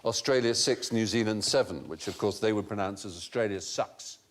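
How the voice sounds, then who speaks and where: A man's voice: on the low side, fairly quick, slight background noise. A man hosting a comedy quiz show, erudite and theatrical, laughing easily as he explains. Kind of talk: playful panel-show hosting.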